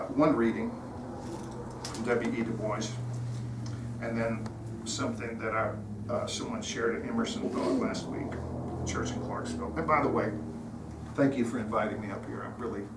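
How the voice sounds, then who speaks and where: A man giving an informal sermon as a guest speaker, talking earnestly and conversationally, telling stories. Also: lowish voice. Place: church sanctuary. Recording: roomy hall, distant mic, faint noise.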